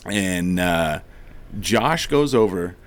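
A man with a fairly low voice tells a rowdy story in casual chat. He swears freely and laughs often, and he acts out the other people's lines as he goes. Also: lively intonation, very slow.

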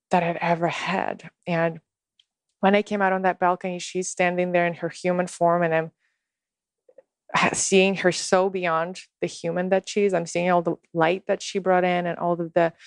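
Woman guest, low-ish voice, earnest unhurried storyteller, dry close sound. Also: clear, resonant tone, no echo. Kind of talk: personal storytelling in conversation.

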